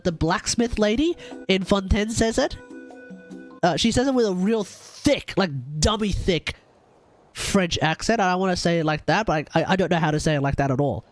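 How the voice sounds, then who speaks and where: A man streaming a game, nasal and stuffy from a cold, rambling and joking as he repeats himself. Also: high voice. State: blocked nose from a cold. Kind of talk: casual live-stream chat.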